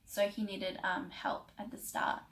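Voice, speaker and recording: A woman's voice: mid-range voice, flat delivery, unhurried, fairly bright tone, poor audio. Emotional young woman telling a story. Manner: emotional, rambling with many fillers. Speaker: vlogger. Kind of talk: casual storytelling.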